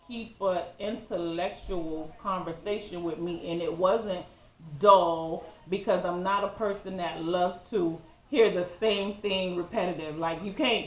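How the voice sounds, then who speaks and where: Easygoing woman in a roomy echo. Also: medium pitch. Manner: easygoing, rambling, repeats phrases. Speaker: co-host of a couple's channel. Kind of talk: casual relationship chat.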